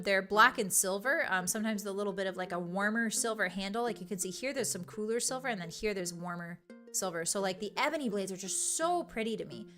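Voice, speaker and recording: A woman's voice: medium pitch, pushed and bright. A young woman streaming live, chatting casually and reading her chat, playful, giggly and teasing. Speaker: virtual streamer.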